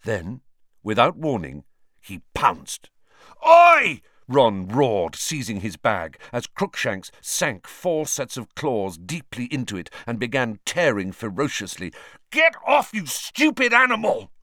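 A man reading a children's novel aloud in an animated, dramatic storytelling manner. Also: mid-range voice, no room sound, clean studio sound. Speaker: audiobook narrator. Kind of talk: scripted narration.

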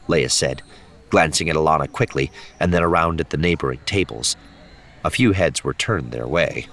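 A man narrating an audiobook in a measured, expressive way. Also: rumbling low, creaky. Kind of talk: scripted narration.

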